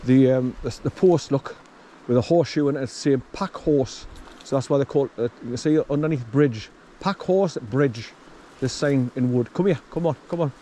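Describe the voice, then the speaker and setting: A man's voice: mid-range voice, normal speed, few pauses, mellow, slight background noise. A middle-aged man with a Geordie accent, chatting casually as he walks outdoors and films a rambling vlog. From northeast England. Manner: chatty, rambling, talks to his dog. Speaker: vlogger. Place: outdoors on a country path.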